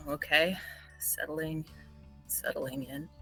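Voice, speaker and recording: A woman's voice: deep voice, steady tone, takes it slowly, music in the background, low-quality recording. A woman in a tabletop role-playing game, casually describing her character's actions in a self-deprecating way. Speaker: player. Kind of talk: tabletop role-play narration.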